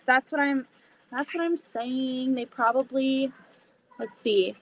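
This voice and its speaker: Lady on a sewing stream, kinda high voice, chatty, talks to chat while she cuts. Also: unhurried, pushed and bright. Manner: chatty, thinks aloud, talks to viewers while cutting fabric. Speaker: livestream host. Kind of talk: casual sewing livestream chat.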